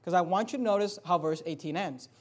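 A man delivers a sermon with a high, bright-edged voice. He drives his points home by repeating phrases, swelling to loud, emphatic stretches before dropping back down. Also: fast talker. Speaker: pastor.

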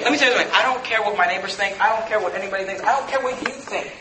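A man preaching a sermon as pastor, shouting at the peaks and dropping to quick asides. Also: high-pitched. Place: church sanctuary. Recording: echoey hall, noisy.

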